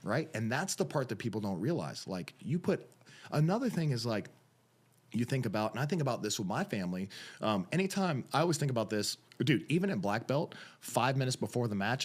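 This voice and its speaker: A man guesting on a podcast, telling stories about coaching and refereeing jiu-jitsu in a casual, animated way, acting out what people said. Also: medium pitch, normal speed. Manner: animated storyteller, acts out quotes, repeats phrases. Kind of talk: casual storytelling interview.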